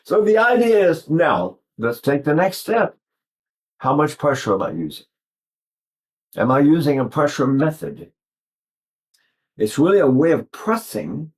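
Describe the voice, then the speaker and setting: An elderly man in his eighties talks through a singing lesson in a loose, wandering way. His speaking voice sits somewhat high for a man. He keeps circling back and pausing to show what he means with his own voice. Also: very animated. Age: 80s. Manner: rambling, digressive, breaks off to demonstrate sounds. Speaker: voice teacher. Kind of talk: informal vocal lesson talk.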